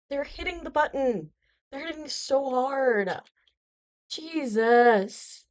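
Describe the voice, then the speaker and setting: A woman hosts a live hockey reaction stream, her voice high and her delivery slow and drawn out. She exclaims, repeats herself and laughs in nervous alarm as she talks. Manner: panicked, exclaiming, laughing, repetitive.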